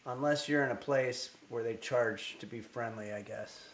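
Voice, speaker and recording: A man's voice: mid-range voice, normal speed. Rambling man streaming from an echoey room. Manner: rambling, reads chat messages aloud with many fillers. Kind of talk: casual livestream chat. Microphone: desk microphone.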